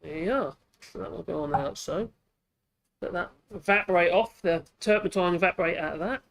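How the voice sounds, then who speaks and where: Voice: medium pitch, a little fast, vocal fry. A woodworking channel host, chatting casually while demonstrating at the workbench, thinking aloud and correcting themselves as they go.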